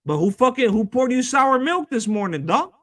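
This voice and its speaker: A man hosting a fan talk show, ranting in a heated, profane, fast-talking way. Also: extremely high pitch, sing-song, fairly bright tone, dry recording, clean studio sound. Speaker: host.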